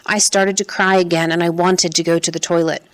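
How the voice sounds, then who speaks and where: Woman narrator, audiobook read, slightly low, measured pace. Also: flat delivery. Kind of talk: first-person scripted narration.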